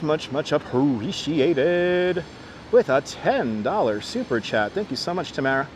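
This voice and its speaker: Guy walking city streets on a live stream, bit stuffy and sick, slightly high voice, faint traffic behind. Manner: chatty, greets viewers by name as he walks. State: congested, a little under the weather. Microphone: wireless clip-on mic.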